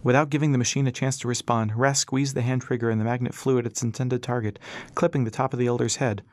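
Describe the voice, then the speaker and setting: A man reading an audiobook as narrator, in a steady storytelling manner. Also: mid-range voice, quick pace, dry recording.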